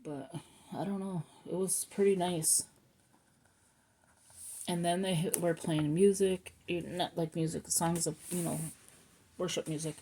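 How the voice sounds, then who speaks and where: A woman's voice: lowish voice, steady tone, measured pace, pauses often, warm tone, slight background noise. A middle-aged woman chatting at home in a loose, rambling way, often losing her thread and circling back. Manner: rambling, self-interrupting, chatty. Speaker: planner vlogger. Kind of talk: casual rambling chat.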